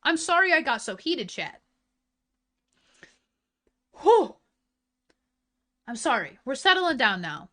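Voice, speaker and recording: Bright-voiced woman streamer ranting. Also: high-pitched, sing-song, slow, pauses often. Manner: heated, profane ranting, swinging between loud and mumbled. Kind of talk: casual chat. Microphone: desk mic.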